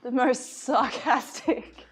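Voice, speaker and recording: A woman fitness coach giving calm cues during a live-streamed workout. She laughs often and is slightly out of breath. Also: high voice, husky. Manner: slow, calm cueing with frequent laughter.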